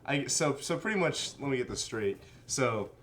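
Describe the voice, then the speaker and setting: A man's voice: medium pitch, lively intonation, normal speed, fairly bright tone, a little hiss or hum. A young man in casual comedic movie chat, summing up plots in a dry, playful way. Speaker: co-host.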